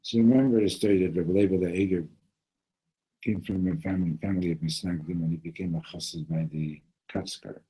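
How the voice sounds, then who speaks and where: Low husky-voiced man teaching a class. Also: a little fast, rough recording. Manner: animated storyteller who acts out the voices. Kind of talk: Torah class with storytelling.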